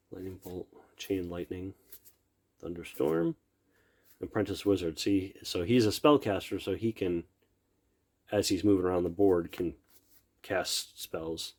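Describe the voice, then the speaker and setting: Slow, low-voiced middle-aged man murmuring. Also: a little mellow. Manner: murmurs card names, admiring, trails off mid-sentence. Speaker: card collector opening packs. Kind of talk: casual unboxing commentary.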